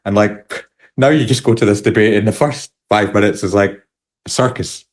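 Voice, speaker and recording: A man from the United Kingdom hosts a relaxed podcast interview. His voice sits very low, and he rambles, breaking off and restarting his sentences as he talks. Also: a little fast. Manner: rambling, self-interrupting, chuckles often. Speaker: podcast host. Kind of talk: casual interview chat.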